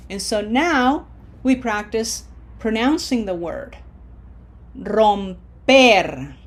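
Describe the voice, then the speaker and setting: This is a woman teaching a recorded online lesson in a slow, unhurried way. Her pitch sits in an ordinary middle range. She repeats each rule patiently, step by step. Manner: patient, repeats drills step by step, slows down to model words. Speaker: Spanish teacher.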